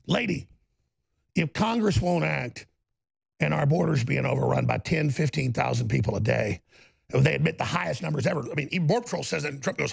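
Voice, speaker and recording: A man ranting through political commentary with a high, swooping, very lively voice. His tone is gravelly and husky, and he sounds sarcastic and heated throughout. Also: brisk. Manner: ranting, sarcastic, jumps between mock voices.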